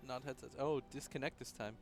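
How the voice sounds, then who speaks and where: A man's voice: medium pitch, steady tone, brisk, creaky, over music. A man commentating a live esports match, talking in an eager, self-deprecating way.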